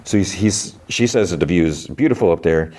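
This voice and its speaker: A man's voice: low voice, a little fast, a little mellow. A man hosting a podcast, casually retelling a TV episode scene by scene and quoting the characters in a raised voice. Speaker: podcast host.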